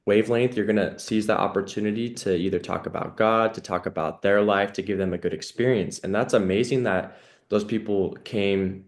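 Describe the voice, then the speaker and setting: A man with a somewhat low voice hosts a casual podcast conversation. He talks in an earnest, reflective way and fills his sentences with "you know" and "like". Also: a little fast. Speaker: podcast host.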